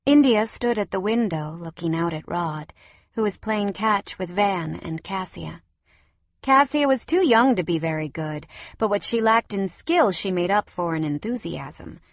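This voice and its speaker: A woman narrating an audiobook in an even, measured way. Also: mid-range voice, dry recording. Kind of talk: scripted narration.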